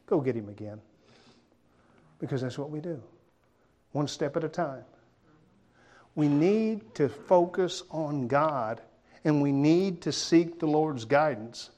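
A man's voice: on the high side, expressive, slow pace, long pauses. Folksy male preacher with a lightly raised voice. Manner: conversational, folksy, with dramatic drops and quiet emphasis. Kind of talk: sermon.

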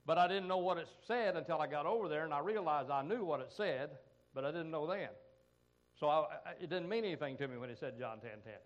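A middle-aged American man preaching in a folksy, conversational way. His voice sits a little higher than most men's. He keeps breaking up his points with "amen" and "come on" asides to the congregation. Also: expressive, fast, highs cut off. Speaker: pastor. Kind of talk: sermon.

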